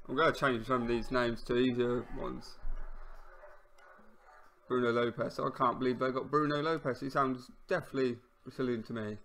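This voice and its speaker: A man with a mid-range voice gives casual let's-play commentary on his own football management game. He's excitable, shouting at near misses and goals, and wry about the player names he stumbles over.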